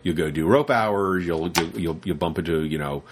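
A man's voice: sits low, moderate pace. A man hosting a casual podcast chat, rambling with many restarts and acting out what his students say. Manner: rambling, repeats words, acts out quoted students. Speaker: podcast host and rope teacher.

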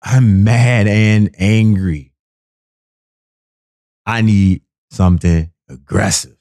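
Speaking slowly in a clean, echo-free studio, a male podcast host delivers a casual comedic monologue. He riffs in an animated way, repeats phrases, and acts out quotes in high voices.

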